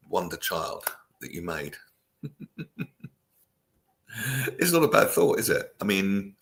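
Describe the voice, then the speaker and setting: A man's voice: sits low, gravelly, sharp tone. A man hosting a casual chat show, joking with listeners and reading their comments aloud. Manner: jokey, chatty, reads listener comments aloud. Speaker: radio show host.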